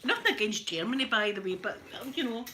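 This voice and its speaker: A woman's voice: on the high side, lively intonation, fast, noisy background. A woman with a Glaswegian accent chatting casually at home while ironing, jokey and laughing often. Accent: Scottish, Glaswegian. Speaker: ASMR creator. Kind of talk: casual chat.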